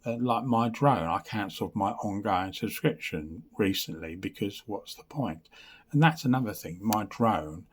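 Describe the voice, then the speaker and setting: Low husky English man vlogging. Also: animated, unhurried. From England. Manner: rambling, reading from notes, losing track; dry, blunt humour. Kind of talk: casual vlog update.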